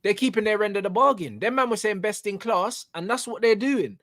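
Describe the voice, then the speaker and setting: A man's voice: sits high, lively intonation, brisk, a bit bright. A young man arguing about football in casual chat, passionate and sprinkled with swearing. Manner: passionate, swears, repeats "do you know what I'm saying". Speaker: co-host, football fan.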